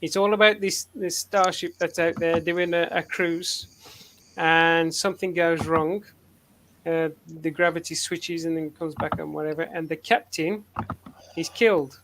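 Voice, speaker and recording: A man's voice: on the high side, fairly even intonation, a little slow, fairly bright tone, a little hiss or hum. A man hosting a casual group chat on a call, rambling and hesitant with many fillers. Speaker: host.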